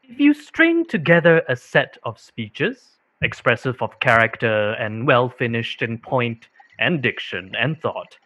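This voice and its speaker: Man reading quotations, lively intonation, muffled call audio. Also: mid-range voice, a little slow, few pauses, dry recording. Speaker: reader of quotations. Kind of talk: dramatic reading over video call.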